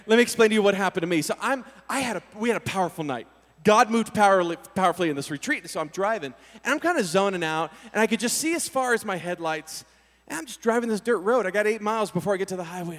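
A man preaching a storytelling sermon to young people, acting out scenes with voices and sudden loud bursts. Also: high voice, fast talker. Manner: animated, acts out scenes with voices and sudden shouts. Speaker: youth pastor. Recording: reverberant hall.

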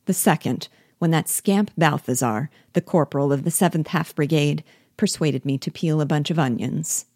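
A woman's voice: low-pitched, moderate pace, darkish tone, no room sound, clean studio sound. A woman voicing a loyal, sentimental old male army sergeant who speaks humbly and rambles. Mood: earnest, humble.

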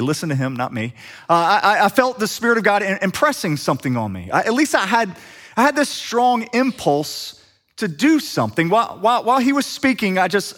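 A middle-aged man preaching, telling a personal story with lively acted-out dialogue. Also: sits high. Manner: animated storyteller acting out quoted dialogue. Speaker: pastor. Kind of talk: sermon storytelling.

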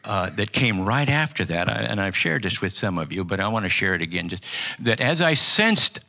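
An older man preaching an earnest personal testimony sermon, halting often with restarts. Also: lowish voice, very animated, gravelly, pushed and bright. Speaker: pastor.

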